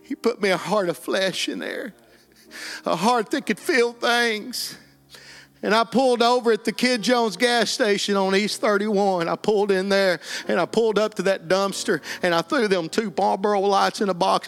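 This is an emotional personal testimony from a middle-aged Texas man with an East Texas accent, an earnest and plainspoken guest recounting his life. His voice sits high and moves at a normal speed.

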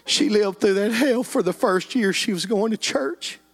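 A man's voice: high-pitched, moderate pace, vocal fry, soft background music. A middle-aged man from Texas with an East Texas accent, telling his life story as an earnest, plainspoken guest. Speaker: guest giving testimony. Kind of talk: emotional personal testimony.

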